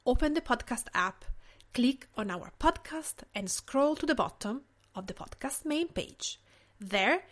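A woman with an Italian accent hosts her podcast in a slightly high voice, reading a prepared script. She speaks in a gentle, measured way and pauses between phrases. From Tuscany, Italy. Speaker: podcast host.

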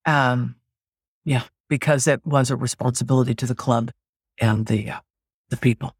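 Middle-aged singer as interview guest; rambling and lively, mid-range voice, dry close recording. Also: mid-range voice, normal speed, husky, no echo. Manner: rambling and animated, with frequent restarts. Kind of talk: candid conversational storytelling.

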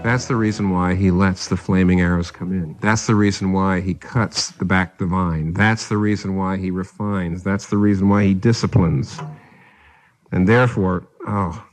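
A man's voice: low voice, fairly even intonation, normal speed. A middle-aged male pastor delivering a sermon, pressing home his points with emphatic rhetorical questions.

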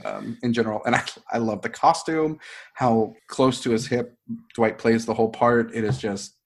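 A man's voice: medium pitch, steady tone, moderate pace, slight background noise. A man co-hosting a podcast, chatting about favorite sitcom moments, often laughing and restarting his sentences. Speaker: podcast co-host. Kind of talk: casual chat recapping a sitcom.

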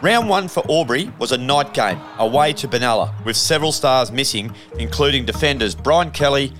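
Male documentary narrator over guitar. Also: mid-range voice. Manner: steady, measured read of scores and names. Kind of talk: scripted narration.

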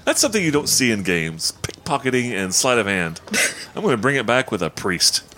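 A man's voice: mid-range voice, very animated, a little fast, bright, forceful tone, a little hiss or hum. A man playing in a tabletop role-playing game, joking and describing his character's actions. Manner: jokey, laughs often. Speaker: player. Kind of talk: casual tabletop play.

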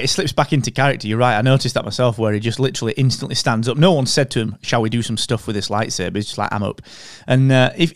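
A man hosting a podcast in casual chat, relaxed and conversational, with an upbeat plug for the show. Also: medium pitch, no room sound, clean studio sound. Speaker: podcast host.

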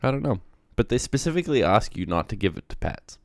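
A man's voice: on the low side, big pitch swings, quick pace, creaky, no echo, studio quality. A man co-hosting a casual podcast chat, trading wry, offhand jokes.

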